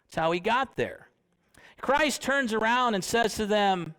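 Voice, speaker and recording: A young man preaching in church, his voice sitting fairly high. He talks in a conversational way and keeps asking the congregation questions. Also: animated, unhurried, bright, forceful tone. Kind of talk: sermon.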